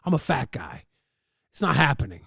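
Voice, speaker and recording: A man's voice: a little high, big pitch swings, normal speed, gravelly, fairly bright tone, slightly rough, dry recording, clean studio sound. A man streaming live, mocking a video with sarcastic, profane commentary.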